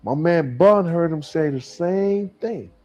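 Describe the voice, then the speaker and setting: A man's voice: on the high side, lively intonation, takes it slowly, dark tone. A man recounting a personal story in casual slang, played from an interview clip. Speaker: interview guest.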